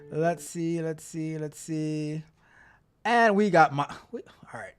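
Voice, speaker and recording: A man's voice: on the high side, slow, clean tone, soft background music. A man hosting a casual tech livestream, chatty and upbeat, often repeating himself as he reads the chat. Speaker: livestream host and tech coach.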